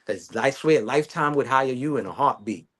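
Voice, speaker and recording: A man's voice: mid-range voice, moderate pace. A man co-hosting a casual chat, teasing his friend, laughing often and acting out what she says. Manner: teasing, animated, laughs often, acts out quotes. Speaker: co-host. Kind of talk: casual banter.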